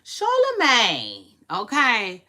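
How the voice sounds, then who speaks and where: A woman hosting a casual celebrity gossip vlog, chatting to her viewers in a playful, drawn-out way with frequent asides. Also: on the high side, wildly swooping pitch, sharp tone. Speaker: vlog host.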